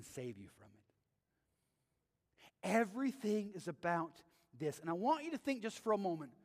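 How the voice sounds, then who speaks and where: High-voiced pastor in echoing sanctuary. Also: male voice, very animated, normal speed, long pauses. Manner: conversational, checks in with the audience with "right?". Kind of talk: sermon. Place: church sanctuary. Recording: long church reverb.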